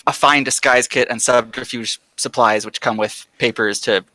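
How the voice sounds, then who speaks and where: Dude player in a tabletop game, bright voice, eager to sell his plan. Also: mid-range voice, steady tone, moderate pace, no echo. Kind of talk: casual tabletop game chat.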